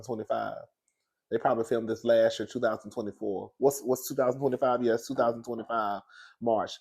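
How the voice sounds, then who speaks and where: A man dishes celebrity gossip in a loose, sassy way. He laughs often and swings between high, excited squeals and hushed, secretive whispers. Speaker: commentary host.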